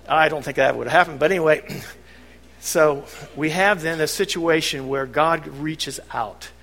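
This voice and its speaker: Mężczyzna wygłaszający kazanie w pogłosie sali. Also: male voice, fairly high pitch, slow, long pauses, fairly bright tone. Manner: conversational, chuckling asides. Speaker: preacher. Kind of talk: sermon. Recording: long hall reverb.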